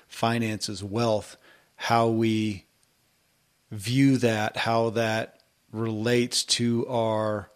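A man hosting an interview, asking loosely phrased, searching questions in a soft manner. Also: medium pitch. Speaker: podcast host. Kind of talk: casual interview.

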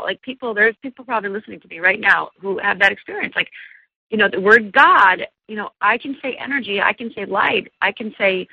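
A woman's voice: mid-range voice, brisk, vocal fry, slightly rough, no room sound, narrow, tinny audio. A middle-aged woman, a life coach, telling a personal story in an interview with earnest energy and many restarts.

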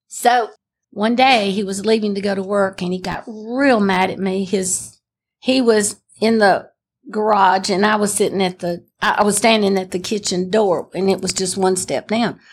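Older lady telling her faith story, husky voice, earnest and emphatic. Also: medium pitch. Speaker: testimony speaker. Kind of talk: personal faith testimony.

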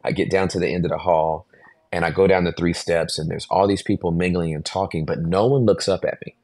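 Laughing often and acting out voices, a man in his forties animatedly tells a story as a guest on a podcast; he is a pastor. He speaks a little fast in a low-pitched voice, and the recording is dry.

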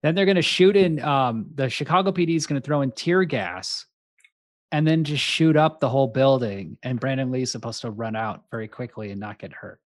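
A man talking through a movie plot on a podcast with loose, animated energy, slipping into quick character voices as he goes. The sound is close and dry, with no room around it, and his pitch sits in an ordinary middle range. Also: dry recording. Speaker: podcast co-host. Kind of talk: casual chat recapping a movie.

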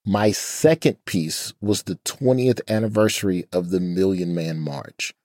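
A man's voice: low voice, a little slow, a little mellow, dry recording, clean studio sound. A man from Alabama, a comedian in his forties, talking candidly and laid-back with loose slang. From Birmingham, Alabama, US. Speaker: comedian guest. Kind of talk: casual interview talk.

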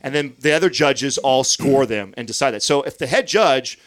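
A man's voice: mid-range voice, lively intonation, moderate pace, fairly bright tone. Guy in his 30s on a podcast, cussing a lot, tells stories doing everyone's lines. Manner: profane, storytelling with acted-out quotes. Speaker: podcast host. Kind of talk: casual chat.

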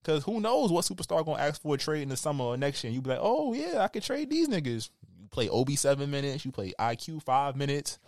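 A man with a New York accent, co-hosting a podcast with animated, profane ranting in casual banter. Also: medium pitch, fast, few pauses, no echo, studio quality. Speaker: podcast co-host.

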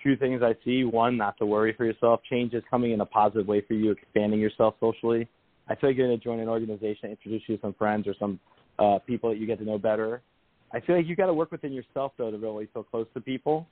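A man hosting a call-in psychic show, giving readings in a quick, reassuring way and repeating his phrases. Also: lowish voice, fairly even intonation, dry recording. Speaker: psychic radio host. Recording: tinny phone line.

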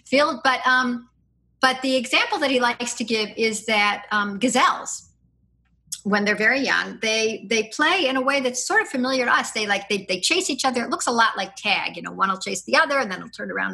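A middle-aged woman talks on a podcast as a guest, explaining ideas in a loose, tangent-filled way and breaking into laughs. Her voice sits a little high and sounds bright and sharp. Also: vocal fry. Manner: lively, laughs often, tangents and restarts. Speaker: podcast guest, free-play advocate. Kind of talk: casual conversational explaining.

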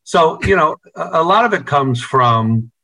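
A man's voice: a little high, animated, unhurried, bright, forceful tone, low-quality recording. A man from the United States, a band member, chatting casually over a video call, laid-back, swearing freely and telling stories with energy.

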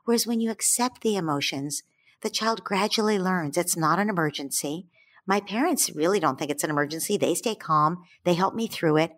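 A woman with a slightly low voice talks through parenting advice in an interview. She sounds gentle and soothing, and she slows down to land her key points. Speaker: parenting expert guest. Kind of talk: calm explanatory advice.

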